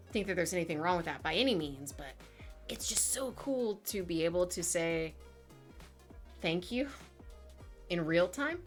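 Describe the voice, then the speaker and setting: A woman's voice: lowish voice, fairly bright tone. A woman in her twenties chatting casually with her live chat as a streamer, full of fillers and playful asides.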